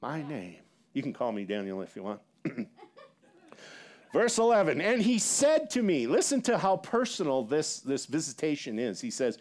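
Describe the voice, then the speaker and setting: A man preaching a sermon in an animated, conversational way, with casual asides. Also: mid-range voice, moderate pace. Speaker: pastor.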